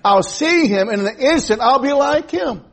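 A man's voice: very high voice, expressive, moderate pace. A man in his fifties preaching a sermon as pastor, emphatic, repeating his phrases and restarting. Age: 50s.

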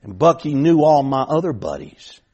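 A middle-aged preacher tells a folksy story from the pulpit. His husky voice sits a bit high and swings widely in pitch. He circles back with repeated starts, then pushes hard on his points. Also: sing-song, normal speed, dark tone, dull audio. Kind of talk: sermon storytelling.

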